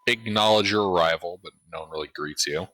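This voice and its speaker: A man narrating as game master in a tabletop game, relaxed with frequent fillers. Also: low voice, fairly quick, no echo, poor audio.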